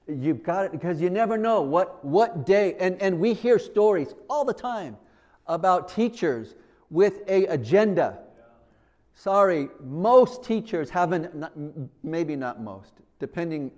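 A man's voice: sits high, animated, a little slow, darkish tone. A man preaching a sermon in an earnest way, often repeating himself and acting out little conversations.

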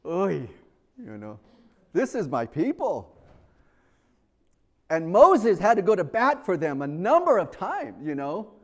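A male preacher delivering a lively sermon. His voice sits a little high and swings widely in pitch, rising to loud peaks and dropping to hushed lines. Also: slow pace, long pauses.

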